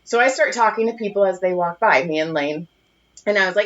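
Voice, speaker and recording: A woman's voice: mid-range voice, a little fast. Profane storytelling woman podcast co-host. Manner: animated, profane, laughs at her own stories. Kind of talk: casual storytelling chat. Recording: muffled lo-fi podcast audio.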